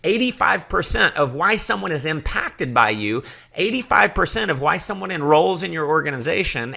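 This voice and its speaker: Middle-aged guy coaching a sales team, gravelly voice pitched a bit high, keeps repeating himself for punch. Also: bright, forceful tone. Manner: passionate, emphatic, repeats key phrases. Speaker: network marketing trainer. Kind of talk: motivational training talk.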